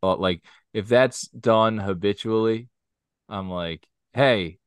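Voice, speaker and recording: A man co-hosting a podcast, telling stories in a slow, laid-back casual chat. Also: on the low side, clean tone, no room sound. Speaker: podcast co-host.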